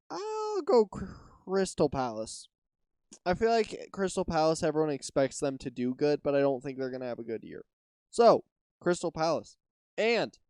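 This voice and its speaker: Young American male podcaster, tired, loose and profane, smooth voice, dry close sound. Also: fairly high pitch, dry recording. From United States. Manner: casual, swears often, trails off and restarts. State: tired, yawning. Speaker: podcast host. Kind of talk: casual solo podcast predictions.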